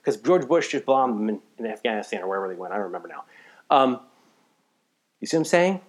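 A man from the United States preaching a live sermon in a conversational way, swinging between emphatic bursts and quiet asides, a little tired. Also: mid-range voice, lively intonation, fast. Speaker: pastor.

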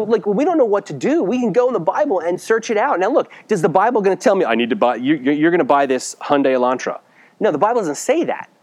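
A middle-aged man delivering a sermon in a casual, conversational way, firing off rhetorical questions to his congregation. His voice sits a little higher than most men's, and he sinks into a low, grave tone when he turns serious. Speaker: pastor.

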